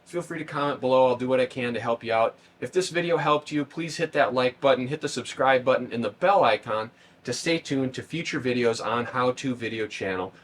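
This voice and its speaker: A man with a mid-range, fairly bright voice speaks a little fast, with a slight hiss or hum on the recording. He hosts a how-to video channel and explains a car repair step by step in a plain, casual way, standing outdoors next to a parked car.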